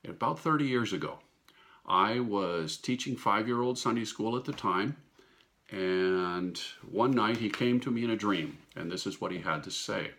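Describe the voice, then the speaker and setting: A middle-aged man earnestly telling a personal faith testimony in a slow, emphatic storytelling manner. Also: lowish voice, fairly bright tone. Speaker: Christian speaker sharing a testimony.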